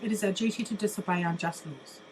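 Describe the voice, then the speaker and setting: A woman's voice: medium pitch, quick pace, slight background noise, poor audio. An older woman, ranting bluntly in a monologue, mocking and swearing constantly, laughing often. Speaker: vlogger.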